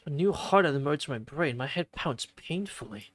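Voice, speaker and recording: Expressive streamer reading a visual novel. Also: medium pitch, moderate pace, dry recording. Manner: expressive, jokey asides. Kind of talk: reading a visual novel aloud with live commentary.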